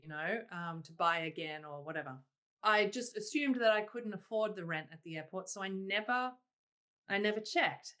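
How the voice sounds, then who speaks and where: An Australian singer-songwriter with a medium-pitched voice tells her stories as a guest in a casual interview. She is animated and laughs a lot, quoting herself in exclaimed asides.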